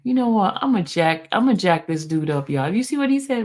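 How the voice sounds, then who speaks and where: A woman in her fifties hosting a live stream, telling a story in a casual, animated way and talking straight to her viewers. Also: mid-range voice, brisk. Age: 50s. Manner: animated, laughing, addresses viewers as y'all. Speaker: channel host.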